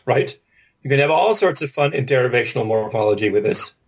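A man's voice: mid-range voice, expressive, brisk, creaky, husky. A man co-hosting a podcast, explaining a linguistics topic in casual chat and thinking aloud as he goes. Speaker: podcast co-host.

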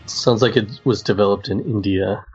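A man with a husky, slightly low voice hosts a casual quiz, spelling out each word letter by letter in a slow, unhurried way. The recording is dull and lo-fi, like a modest podcast setup. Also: steady tone, a little mellow, faint music behind. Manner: spells words out slowly, reads answers. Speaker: quiz host.

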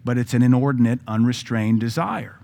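A man's voice: mid-range voice, a little fast, creaky, dark tone. A man with a Southern US accent, a pastor preaching a sermon in a conversational style with joking asides.

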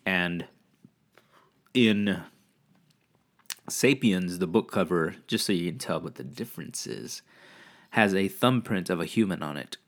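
Guy with a really low voice rambling on his podcast, laid back, swears a lot. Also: unhurried, long pauses, a bit bright. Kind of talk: casual monologue.

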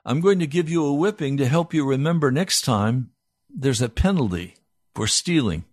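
A man voicing a stern mother who lectures her son in a measured, firm tone. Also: medium pitch, animated, darkish tone, no room sound, clean studio sound, pitched above the performer's own voice, natural voice.

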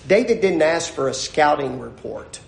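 A male pastor preaching an animated sermon, acting out scenes as he goes, in a church. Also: fairly high pitch, normal speed, vocal fry. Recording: echoey room.

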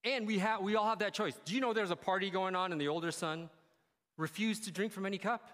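Earnest pastor preaching in a reverberant hall. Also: male voice, sits high, fast talker, fairly bright tone. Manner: candid storytelling, emotional, conversational. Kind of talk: sermon.

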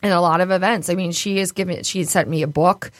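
A woman's voice: on the low side, steady tone, fast, dry recording. A woman from New York speaking candidly in a casual interview, laughing often and swearing freely. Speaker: podcast guest.

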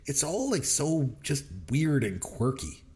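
A man co-hosting a podcast, recounting movie scenes with enthusiasm and quick quoted voices. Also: fairly high pitch, very animated, darkish tone. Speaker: podcast co-host. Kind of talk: casual movie review chat.

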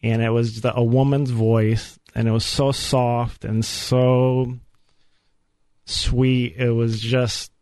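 A man giving an earnest, animated personal faith testimony as a guest on a radio show. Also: medium pitch, takes it slowly, no room sound. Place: radio studio.

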